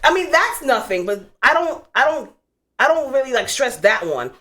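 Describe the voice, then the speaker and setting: A woman hosting a call-in radio talk show, outspoken and animated, with lots of casual fillers. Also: high-pitched, moderate pace.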